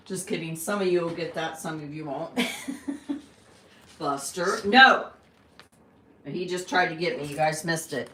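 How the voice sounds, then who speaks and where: A woman's voice: deep voice, unhurried, long pauses, a bit bright, slight background noise. A woman hosting a casual live stream, chatting with viewers and coaxing her pet bird in a fond, playful way. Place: at home. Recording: roomy, distant mic, faint running water.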